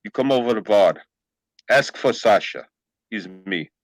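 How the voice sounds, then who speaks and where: A man playing a huge mob guard who speaks broken English in a low, hushed voice. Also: animated, a little slow, no room sound. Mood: hushed, menacing. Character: huge menacing-friendly male Russian mob guard.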